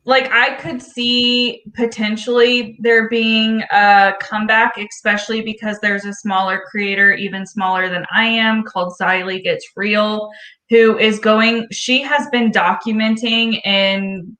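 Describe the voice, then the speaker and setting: A woman's voice: medium pitch, little pitch movement, measured pace, sharp tone, echoey room, poor audio. A woman who is a guest on a live stream, speaking bluntly and outspokenly over a remote call. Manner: blunt, outspoken, dismissive of critics. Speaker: guest creator. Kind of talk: casual live-stream chat. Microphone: remote call audio.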